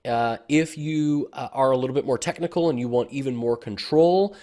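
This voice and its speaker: A man of ordinary, mid-range pitch talking through a screen-recorded software tutorial. He explains each step in a casual, easygoing way, with frequent fillers and "okay?" check-ins. The voice comes through a desktop computer mic. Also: moderate pace. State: has the hiccups. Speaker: online marketing tutor.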